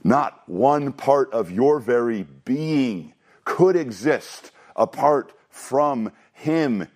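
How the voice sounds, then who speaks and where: A man preaching an expository sermon in an emphatic teaching manner, rushing through asides and slowing down to stress key phrases, often repeating himself for emphasis. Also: mid-range voice, lively intonation, a little mellow. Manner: emphatic, shifting between quick asides and slow stressed phrases. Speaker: pastor.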